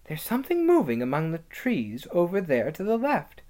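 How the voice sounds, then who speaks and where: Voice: mid-range voice, wildly swooping pitch, moderate pace, a little mellow, pitched above the performer's own voice. A reader voicing Susan, a sensible, cautious older girl who speaks in an urgent, raised voice. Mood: watchful.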